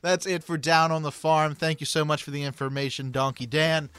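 A man's voice: fairly high pitch, fairly even intonation, brisk, a bit bright. A man hosting a casual hockey podcast, playful and teasing his co-host, laughing often.

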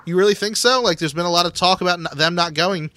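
A man's voice: sits high, quick pace, bright, forceful tone, no echo. Chatty upbeat man, dry close sound. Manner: upbeat, chatty, frequent fillers. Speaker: podcast co-host. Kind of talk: casual hockey podcast chat.

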